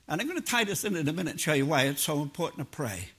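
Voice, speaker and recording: A man's voice: on the high side, very animated, very fast, a bit bright, husky. An older man preaching a sermon in a homespun, plain-spoken way, mixing personal stories with scripture. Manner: homespun, plain-spoken, drops into everyday grammar.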